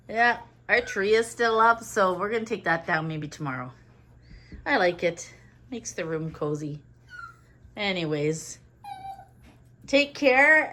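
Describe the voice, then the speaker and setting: A woman's voice: mid-range voice, a bit bright. A middle-aged woman from Canada, a vlogger chatting casually at home as she unpacks groceries and thinks aloud. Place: home kitchen.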